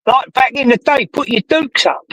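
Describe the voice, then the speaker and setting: A man's voice: very high voice, fairly bright tone, no echo, low-quality recording. A British man chatting casually, rambling and swearing a lot. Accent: British English. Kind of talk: casual chat.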